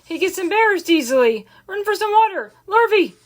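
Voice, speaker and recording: A woman voicing a flustered middle-aged male farmer who speaks high, loud and hurried, stammering as he pleads and scolds. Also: big pitch swings. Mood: frantic.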